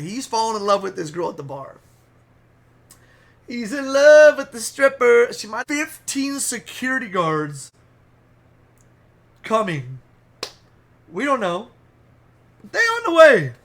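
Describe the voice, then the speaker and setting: A young man excitedly telling a wild story in a casual, profane, animated way. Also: high-pitched. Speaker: storytime vlogger.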